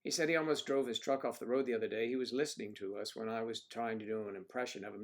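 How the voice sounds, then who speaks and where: A middle-aged man hosts a relaxed livestream from home, joking around and talking back to his viewers' comments. His voice sits at an ordinary middle pitch, and he keeps a loose, chatty manner. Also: fast talker, hardly any pauses. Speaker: livestream host. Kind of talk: casual livestream chat.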